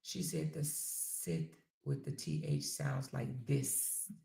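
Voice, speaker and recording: A woman's voice: a bass voice, very animated, slow pace, gravelly, mellow. A woman hosting a casual livestream, reading viewer comments aloud and chatting back in reply. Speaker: livestream host.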